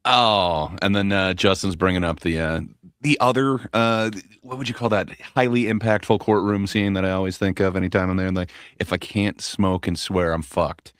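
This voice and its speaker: A man's voice: deep voice, steady tone, normal speed, fairly bright tone, clear, resonant tone, dry recording, studio quality. A man hosting a casual panel debate. He talks with enthusiasm, swears casually, and fills his speech with fillers and stammered restarts. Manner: hesitant, many fillers and restarts.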